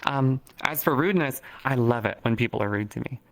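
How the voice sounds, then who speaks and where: A man talking casually as an interview guest. He delivers crude jokes in a flat, deadpan way. His pitch sits right in the middle. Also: brisk. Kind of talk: casual chat.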